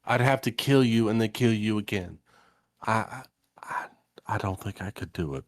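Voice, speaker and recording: A man's voice: fairly low pitch, no room sound, clean studio sound, voice pushed up, lightly acted. A man voicing a stammering, grieving adventurer. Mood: anguished. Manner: halting, stammering, emotional. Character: grieving adventurer torn over undead friends. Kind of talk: in-character tabletop role-play.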